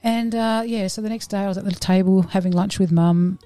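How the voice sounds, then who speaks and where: A woman in her late forties telling personal stories in a casual interview, animated and frank, acting out the voices she quotes. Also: medium pitch, a little fast, no echo, soft background music. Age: 40s. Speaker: podcast guest.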